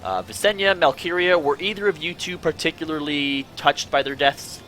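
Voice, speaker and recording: A man's voice: a little high, normal speed, sharp tone, a little hiss or hum, poor audio. A man hosting a casual panel chat, asking his guests questions and rambling through his own musings. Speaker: podcast host.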